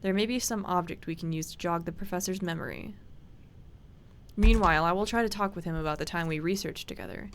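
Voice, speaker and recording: A woman's voice: lowish voice, fairly quick, slight background noise, lightly acted. A woman reading a grave, formal male doctor. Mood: earnest.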